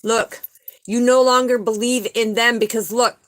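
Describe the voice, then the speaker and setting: A woman's voice: fairly high pitch, fairly even intonation, normal speed. A middle-aged woman giving a live spiritual card reading, talking emphatically in a preacher-like cadence and often checking in with "okay?" and "right?". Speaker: spiritual tarot reader.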